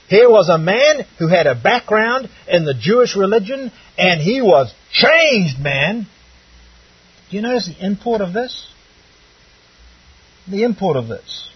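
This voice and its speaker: A man's voice: high-pitched, animated, unhurried, slightly rough, recorded from a distance, muffled recording. A man preaching a sermon on a Bible passage, from outside the United States, emphatic and full of rhetorical questions.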